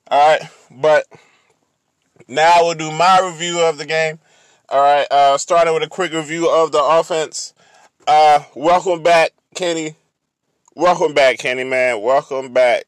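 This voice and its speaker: A man hosting a podcast, talking slowly and repeating his catchphrase. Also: fairly high pitch, fairly even intonation, no room sound, studio quality. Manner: slow, repetitive catchphrase delivery. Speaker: podcast host. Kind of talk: casual podcast talk.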